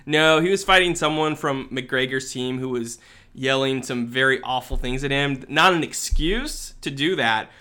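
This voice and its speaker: Bright teasing male podcast host. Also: medium pitch, normal speed, smooth. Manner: playful, teasing, chuckling asides. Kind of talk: casual chat.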